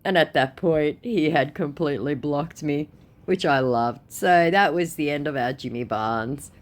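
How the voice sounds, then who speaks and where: A woman's voice: low voice, measured pace. A woman who baits scammers and tells the story of a chat in a mocking, amused and blunt way. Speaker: scam baiter. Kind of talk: casual storytelling.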